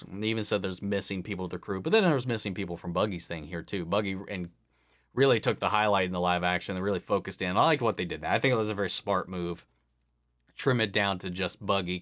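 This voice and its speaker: A man's voice: low voice, a bit bright. A man hosting an anime reaction, thinking aloud casually with frequent restarts and musing asides.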